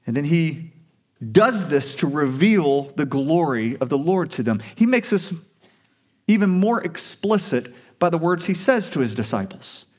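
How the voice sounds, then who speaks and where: A man's voice: on the high side, very animated, unhurried, a little mellow. A male pastor preaching a sermon to a congregation in a conversational, earnest way, pushing up for emphasis on key points.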